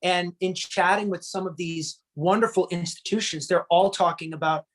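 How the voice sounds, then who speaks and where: A man from Canada, a country singer, chatting as a guest in a casual video-call interview and telling stories with lively acted-out quotes. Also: high-pitched, normal speed. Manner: animated storyteller, acts out quotes.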